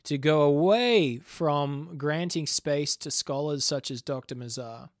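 A man's voice: fairly high pitch, a little slow, dry recording, clean studio sound. A man in his thirties hosting a program, talking conversationally with frequent restarts and personal asides. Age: 30s. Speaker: host. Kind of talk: casual spoken commentary.

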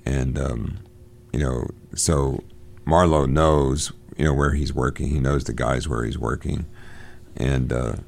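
A man reading a novel aloud and discussing it, pausing often with fillers and restarts. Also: a bass voice, steady tone, vocal fry, darkish tone. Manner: halting, many fillers and restarts. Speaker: discussion leader.

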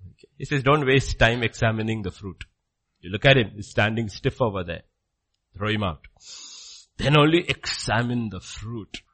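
A man preaching a sermon, jumping from loud exclamations to hushed low asides, acting out questions and answers and checking in with "okay?". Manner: acts out dialogue with rapid questions and answers; repeats phrases, frequent "okay?" checks.

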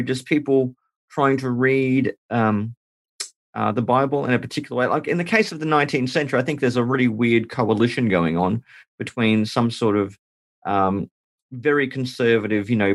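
A man hosting a podcast, asking questions in an animated, joking way during a casual discussion. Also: on the low side, no room sound.

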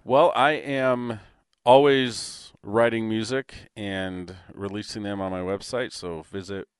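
A man's voice: on the low side, steady tone, slow pace, clear, resonant tone, dry recording, studio quality. A man co-hosting a podcast, talking in a reflective, earnest way. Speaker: podcast co-host. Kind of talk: casual chat.

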